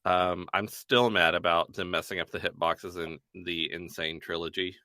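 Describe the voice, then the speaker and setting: Wry, joking man with a bright voice. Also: sits low, fairly even intonation, normal speed, no room sound. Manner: dry, joking, wry asides. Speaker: podcast co-host. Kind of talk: casual chat about video games.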